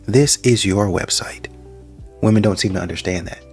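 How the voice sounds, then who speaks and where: A man with a low, gravelly voice picks apart a clip in a dating commentary. He talks in mocking rhetorical questions, and soft music plays faintly underneath. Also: normal speed. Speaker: reaction commentator.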